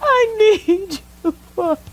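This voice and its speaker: A woman crying as she prays for forgiveness, pleading in a high, broken voice over soft music. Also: lively intonation, slow pace, rough recording. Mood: sobbing, pleading. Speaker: woman receiving prayer. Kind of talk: tearful repentance prayer.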